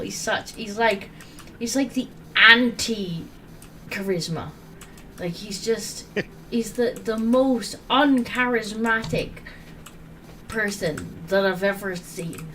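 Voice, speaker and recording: A woman's voice: medium pitch, slow pace, pushed and bright, far from the mic, slight background noise, rough recording. A woman hosting a casual gaming chat, ranting in exasperation and swearing freely. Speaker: podcast host.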